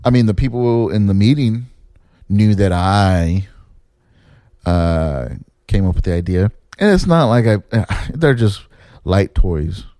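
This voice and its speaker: A man casually telling a story about his theater days, swearing and jumping up in pitch to mimic people. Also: slow pace, no room sound, clean studio sound. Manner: animated, swears, mimics others in pitched-up quotes. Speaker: former assistant stage manager telling a story.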